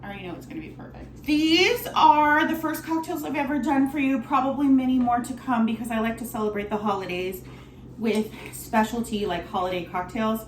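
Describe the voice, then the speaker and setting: A fairly high-voiced woman speaks briskly in a casual at-home cocktail tutorial, with a little hiss or hum on the audio. She tends bar at a lounge, comes across bubbly and chatty, and swears offhandedly; the room echoes, music plays behind her, and she's in her apartment's kitchen or bar area.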